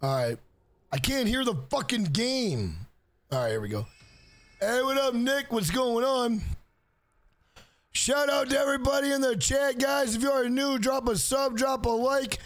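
A man streaming a game live, loud and profane, joking around, greeting viewers by name and breaking into shouted rhyming bits. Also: very high voice, unhurried, no echo.

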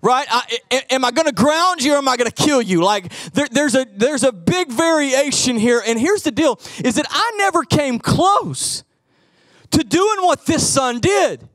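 A middle-aged man preaching a sermon as pastor, telling animated stories and acting out the voices in them. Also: very high voice, moderate pace, no echo, clean studio sound. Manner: animated storytelling, acts out quoted voices.

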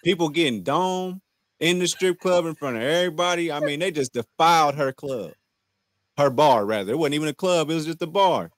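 A man's voice: on the high side, brisk, dry recording, studio quality. A young man co-hosting a casual TV recap chat, joking in laid-back banter and laughing often. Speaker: show co-host.

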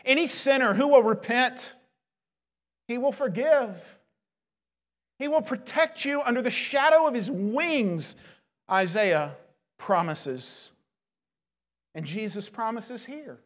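A man's voice: extremely high pitch, animated, takes it slowly, long pauses. Male pastor preaching, earnest and pleading, voice rising and falling. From United States. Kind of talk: sermon.

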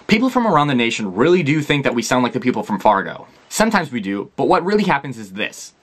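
Lively young Minnesotan man joking. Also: medium pitch. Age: young adult. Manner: joking, puts on quick voices for quoted people. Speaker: vlogger. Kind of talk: comic vlog monologue.

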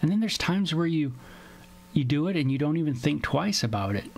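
A man's voice: on the high side, expressive, a little fast, vocal fry. A man giving a casual, conversational Bible teaching from home, now and then acting out short scenes in other voices. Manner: conversational, acts out little skits with voices.

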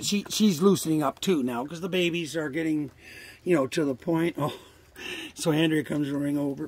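This older man's voice sits on the high side, with a darkish tone and a breathy edge, at normal speed. He's casually vlogging outside near a trailer by the woods, rambling, swearing now and then, and coaxing animals with affection.

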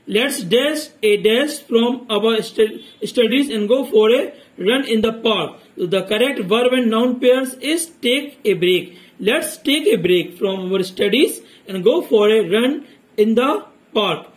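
High-voiced man teaching grammar. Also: slow pace, rough recording. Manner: steady, methodical explaining. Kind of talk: reading and explaining grammar exercises.

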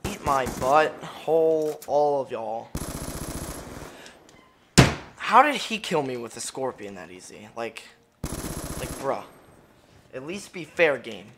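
Gamer, live commentary, profane frustrated ranting, wildly swinging pitch, sudden yelling, faint gunfire behind. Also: takes it slowly, pauses often, noisy background. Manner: bursts into excited yelling. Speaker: gamer commentating own match.

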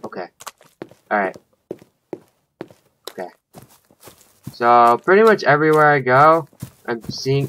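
A man's voice: medium pitch, sing-song, takes it slowly, long pauses, a bit bright, a little hiss or hum. A man giving let's play commentary, thinking aloud and swearing when startled. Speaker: gaming channel host.

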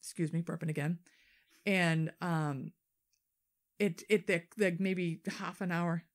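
Lower-pitched woman telling a true-crime story. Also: takes it slowly. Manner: animated storyteller, swears freely, acts out quotes. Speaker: podcast co-host. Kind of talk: casual true-crime chat.

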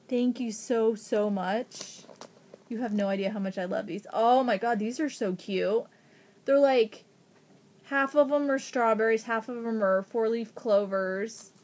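A woman from Ohio in a casual unboxing vlog, gushing with excitement, gasping and thanking a friend over each gift. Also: a little high. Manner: gushing, excited, frequent gasps. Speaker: vlogger.

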